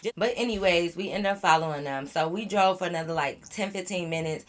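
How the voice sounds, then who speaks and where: Lower-pitched woman telling a storytime vlog. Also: quick pace, hardly any pauses. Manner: animated, slangy, swears, exasperated asides. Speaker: vlogger. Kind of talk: casual storytelling.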